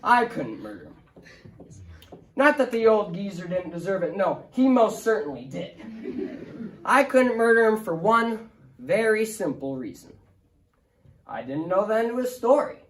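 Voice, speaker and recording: Dry, wry storyteller, unhurried. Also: male voice, high-pitched, sing-song. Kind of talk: performed humorous short story reading. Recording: roomy, distant mic.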